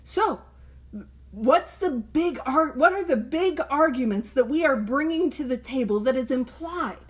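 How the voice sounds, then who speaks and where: A woman's voice: sits high, expressive, a little slow. A woman hosting a recovery book study, talking casually and playfully, laughing often and reading passages aloud. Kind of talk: casual explanatory talk.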